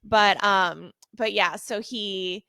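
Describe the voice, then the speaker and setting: A woman in her thirties co-hosting a casual podcast, quick to laugh and full of "like"s. Her voice is bright and a little sharp. She sounds close and dry, with no room around her. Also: mid-range voice, steady tone, creaky, clean tone, no echo. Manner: quick to laugh, fills every phrase with "like". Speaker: podcast co-host. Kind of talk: casual chat.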